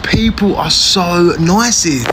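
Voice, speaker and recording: A man's voice: high-pitched, slow, noisy background. A man with a London accent, effusively praising a country he is visiting in a casual vlog, repeating himself. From England. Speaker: visiting tourist.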